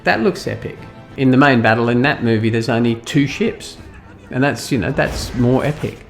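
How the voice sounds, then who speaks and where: A man's voice: medium pitch, moderate pace, vocal fry, music in the background. An Australian man giving an opinionated film review, talking in an incredulous, ranting way with scoffing laughs. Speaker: movie reviewer.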